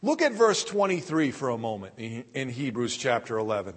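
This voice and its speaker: A man preaching a sermon as a pastor, delivering it deliberately and reading scripture passages aloud. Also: medium pitch, sing-song. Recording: long hall reverb.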